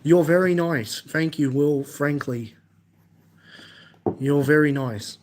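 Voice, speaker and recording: Answering comments from viewers, this young Aussie streamer talks casually in his Australian accent, halting and repeating himself. His voice is a little high and a little mellow, with a slight hiss or hum on the recording.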